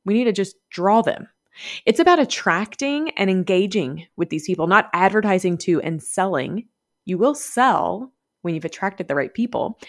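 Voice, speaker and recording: A woman with a Southern US accent hosting a podcast, talking chattily and upbeat and laughing often. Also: medium pitch. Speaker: podcast host. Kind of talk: podcast monologue.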